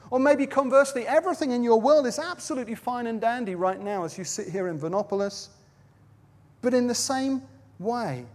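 High-voiced preacher in a hall. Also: male voice. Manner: storytelling, dramatic quoting with shifts in loudness. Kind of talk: sermon at a baptism service. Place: large venue with a platform. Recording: long reverb of a large hall.

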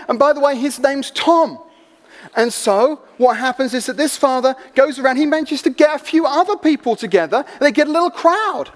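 A man preaching a sermon, telling stories with animated energy and acting out the people in them. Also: very high-pitched, normal speed. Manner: animated storytelling, acting out voices. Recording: long hall reverb.

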